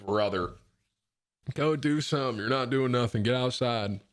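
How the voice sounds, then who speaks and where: A man putting on the voice of a nagging middle-aged dad who scolds his son in a gruff, drawled, exaggerated way. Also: mid-range voice, moderate pace, lightly acted.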